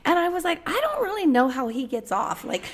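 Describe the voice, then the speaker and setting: A woman's voice: high-pitched, brisk. A woman co-hosting a podcast, telling a story in casual chat with lots of laughter and cursing. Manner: laughing, animated retelling with profanity. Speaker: podcast co-host.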